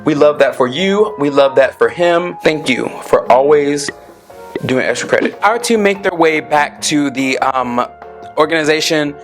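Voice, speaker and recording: A talkative man with a slightly high voice runs through a TV episode in casual commentary, animated and full of asides. Soft music plays faintly underneath. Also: a little slow. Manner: chatty, expressive, acts out characters' lines. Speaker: show recap YouTuber.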